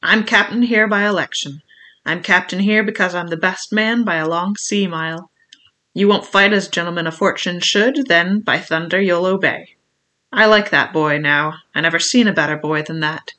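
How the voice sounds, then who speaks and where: In this audiobook reading, the narrator gives voice to a scheming old pirate cook who roars orders in sailor's slang. The delivery is blustering, at medium pitch and normal speed, with a natural voice that sounds pushed and bright.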